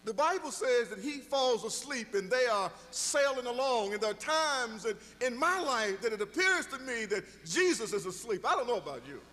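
High, lively storytelling preacher man. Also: moderate pace, hardly any pauses, in a large hall. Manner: storytelling preacher, rising to emphatic exhortation. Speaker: pastor. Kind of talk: sermon.

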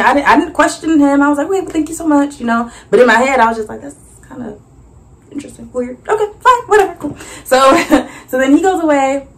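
A young woman vlogger casually recounting her vendor experience, acting out conversations with animated voices and frequent laughter. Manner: animated, acts out dialogue with big pitch jumps and laughs. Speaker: vlogger and small business owner. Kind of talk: casual storytelling recap.

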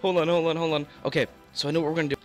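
A hoarse young man rattles through live gameplay commentary at a quick clip in a fairly high voice. He gets excitable, repeats himself and yelps mid-sentence. Faint music plays underneath. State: hoarse, voice worn out. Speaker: gaming YouTuber.

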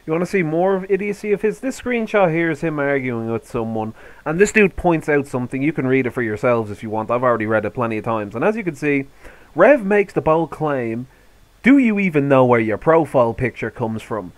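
A man's voice: medium pitch, expressive, fairly quick, no room sound. Man ranting angrily, swearing constantly. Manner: profane, sarcastic, heated ranting. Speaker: commentary video host. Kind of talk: angry rant commentary.

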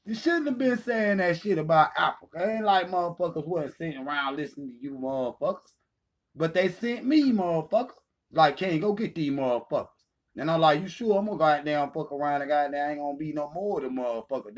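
Fairly high-pitched and animated, this man talks at a fairly quick clip. He hosts his own channel and launches into a heated callout rant, taunting his target and swearing freely throughout.

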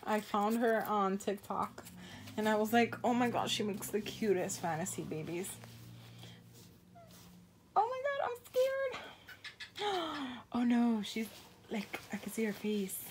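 A woman's voice: mid-range voice, background noise. A woman vlogger in casual unboxing chat at home, gushing and exclaiming often, trailing off mid-sentence. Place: home with a pet bird.

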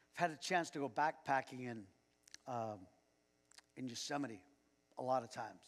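A man preaching a sermon as pastor. He speaks conversationally and chuckles as he tells personal anecdotes. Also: mid-range voice. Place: church sanctuary. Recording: long church reverb.

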